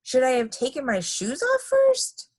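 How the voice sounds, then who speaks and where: A woman's voice: high voice, huge pitch swings, unhurried, slightly rough, pitched above the performer's own voice, exaggerated voice. A woman voicing a cheerful, literal-minded young housemaid in a storybook reading, with an earnest, matter-of-fact manner.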